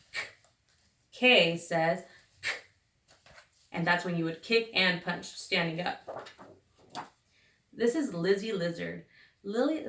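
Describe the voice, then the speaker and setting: A woman teacher leading a phonics lesson for young children, sounding out each letter slowly and deliberately. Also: on the low side. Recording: echoey room, recorded from a distance.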